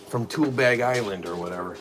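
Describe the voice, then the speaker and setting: A middle-aged father chatting casually on a family live stream, a rambling storyteller full of "like" fillers. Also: medium pitch.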